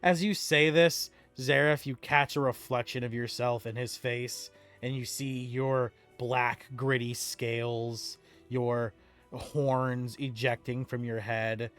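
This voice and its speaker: A man's voice: medium pitch, level tone, slow pace, fairly bright tone, smooth, faint music behind. Man narrating as game master. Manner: descriptive with frequent restarts and laughter.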